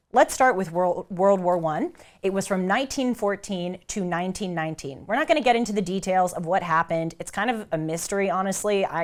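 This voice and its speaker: Young American woman host, lower-pitched, chatty vlog delivery that plays out the voices she quotes. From United States. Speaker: vlogger. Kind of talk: casual talk to camera.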